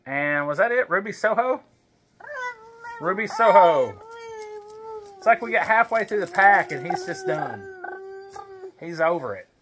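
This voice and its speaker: A man's voice: high voice, sing-song, moderate pace, noisy background. A man casually opening wrestling card packs at home, reading names aloud and chatting to his baby as he goes. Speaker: wrestling card collector vlogger. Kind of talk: casual pack-opening chat.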